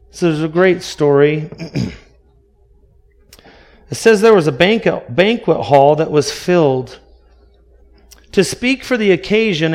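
A man preaching a sermon as pastor, earnest and full of rhetorical questions. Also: on the high side.

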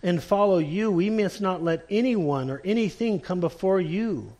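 This is a male pastor's sermon at a moderate pace, full of emphasis. He lowers his voice to quiet, deep lines for effect leading into a communion prayer.

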